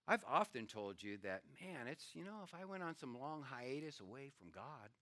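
An older man, a pastor, preaching a sermon with animated storytelling and acted-out quotes. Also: mid-range voice, normal speed, dry recording, clean studio sound.

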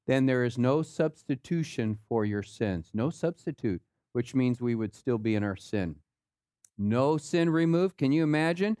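A man preaching a sermon, swinging between rising rhetorical questions and low, quiet asides. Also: animated, a little slow, clean tone, no room sound, clean studio sound. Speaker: pastor.

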